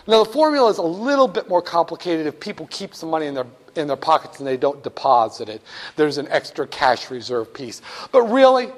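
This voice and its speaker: Male instructor, high-pitched, lively and joking, lecturing a class directly. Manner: jokey, animated, talks straight to students.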